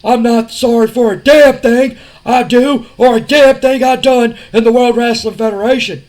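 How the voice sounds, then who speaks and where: A man putting on the voice of a brash, defiant male wrestler who taunts loudly. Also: very high voice, voice pushed up. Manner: loud, taunting, drawn-out jabs.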